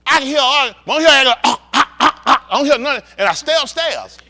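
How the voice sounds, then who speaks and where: A man preaching with a high voice that leaps all over the place as he acts out a story. His tone is bright and edgy, profane and theatrical, and he keeps asking the congregation whether they follow him. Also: animated, rapid-fire. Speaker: pastor. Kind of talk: comedic storytelling rant to a congregation.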